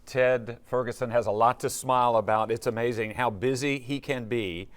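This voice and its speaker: A man's voice: medium pitch, steady tone, moderate pace, clear, resonant tone. A man anchoring the news, chatting loosely about a local story with fillers. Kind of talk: casual anchor chat.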